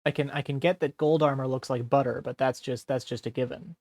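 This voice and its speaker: Deadpan, teasing male streamer. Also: medium pitch, fairly quick, no echo. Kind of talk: role-play stream.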